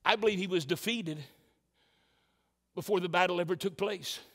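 A man's voice: high-pitched, moderate pace. A man preaching a sermon as pastor, often repeating "can I tell you" and restarting his words as he drives his points home. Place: church sanctuary. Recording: long hall reverb.

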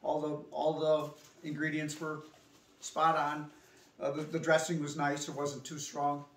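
A woman's voice: sits low, monotone, a little slow. A woman telling a restaurant story in a casual vlog, acting out both sides of the conversation herself. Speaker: vlogger. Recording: echoey room, voice from a distance.

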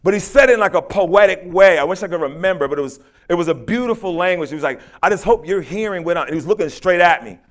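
Higher-pitched man giving a fervent sermon. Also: lively intonation, quick pace, hardly any pauses. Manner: storytelling, acting out quoted voices; fervent, repetitive prayer. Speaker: preacher. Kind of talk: sermon testimony and prayer.

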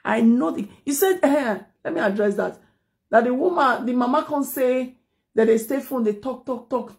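An adult mother and social media personality with a Nigerian accent scolds her critics in a heated, confrontational live video rant recorded on a phone, mixing English and Pidgin. Her voice sits high and is a little mellow, at a normal speed.

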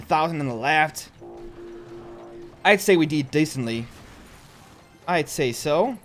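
A young man hosting a gaming channel, giving gameplay commentary and jumping to loud, excitable outbursts. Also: fairly high pitch, takes it slowly, faint music behind.

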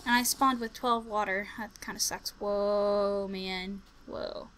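A young woman giving casual gameplay commentary, chatty and jumpy, muttering to herself and bursting into panicked yells. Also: mid-range voice, steady tone, takes it slowly, slight background noise. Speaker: gaming commentator.

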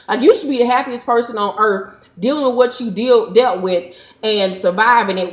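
A woman's voice: medium pitch, animated, normal speed. Woman, vlogger, sassy, blunt, profane, casual recap, echoey room, muffled lo-fi sound. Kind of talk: casual, opinionated episode recap. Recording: roomy, dull lo-fi recording.

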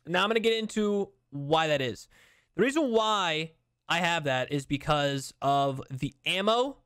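A man's voice: a little high, lively intonation, unhurried, fairly bright tone, smooth, no room sound, clean studio sound. A young man giving casual, slangy gaming commentary, hyped and repeating himself. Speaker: gaming YouTuber.

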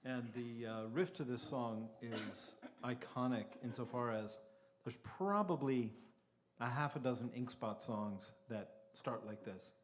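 A man's voice: mid-range voice, measured pace. A man in a vocal quartet explaining a song's opening riff to a live audience, with a dry, joking manner. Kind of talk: live stage banter. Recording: live room recording with clear noise.

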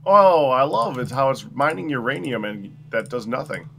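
A man's voice: mid-range voice, animated, moderate pace, vocal fry, sharp tone, slight background noise. A man in casual gaming chat, explaining game items and answering friends a bit defensively. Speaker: game player.

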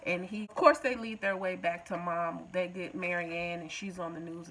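A woman's voice: lowish voice, steady tone, moderate pace, fairly bright tone, rough recording. A woman recapping a TV episode in a casual, joking way, talking back to the show. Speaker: TV recap vlogger.

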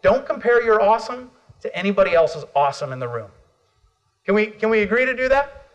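A middle-aged American man giving an energetic motivational keynote at a conference, calling on the audience for responses. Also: sits high, brisk, muffled recording. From United States. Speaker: motivational speaker.

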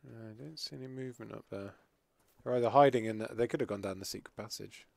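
A man's voice: lowish voice, quick pace, vocal fry, darkish tone, dry recording. A British man hosting a live game stream, chatting with teammates and joking between gunfights. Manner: jokey, yelps and swears when hit. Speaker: streamer and host. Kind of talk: live gameplay commentary.

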